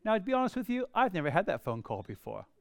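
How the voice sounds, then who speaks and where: A middle-aged man preaching a sermon, telling stories in an animated way with humorous asides. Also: high voice, fast talker, gravelly, dry recording, clean studio sound. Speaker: pastor.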